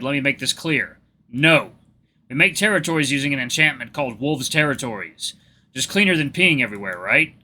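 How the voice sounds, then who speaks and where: Stern alpha wolf, read by a man, calm and commanding, bright voice, matter-of-fact lecturing. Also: medium pitch.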